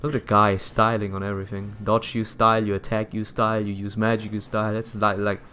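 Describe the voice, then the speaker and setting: Young male gaming streamer, low-ish voice, loose and jokey, lots of restarts. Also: level tone, fairly quick, bright, forceful tone, a little hiss or hum. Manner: chatty, jokey, frequent stumbles and laughter. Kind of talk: casual gameplay commentary.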